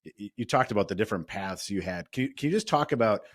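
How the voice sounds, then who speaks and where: A man's voice: fairly low pitch, lively intonation, fast talker, dry recording, studio quality. A male interviewer asking a long, hesitant question and repeating words as he goes.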